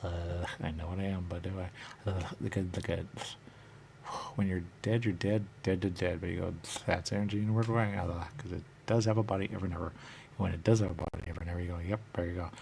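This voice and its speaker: Casting: deep-voiced man with gravelly fry, rambling trance-like monologue, repeats himself, halting delivery. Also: fairly even intonation, dark tone, slight background noise. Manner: repetitive, halting, circles back on phrases.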